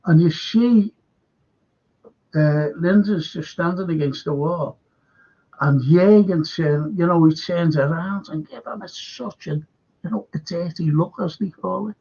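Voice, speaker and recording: An older man hosting a casual chat, talking haltingly with many fillers and restarts. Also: on the high side, mellow, breathy edge. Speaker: host. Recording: dull lo-fi sound.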